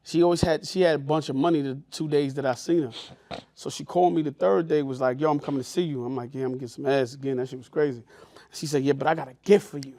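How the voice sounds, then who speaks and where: A man's voice: fairly high pitch, fairly even intonation, fast, warm tone. A man co-hosting a podcast, telling loose stories in casual chat and acting out the voices of the people in them. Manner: loose storytelling, acts out quoted voices. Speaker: podcast co-host.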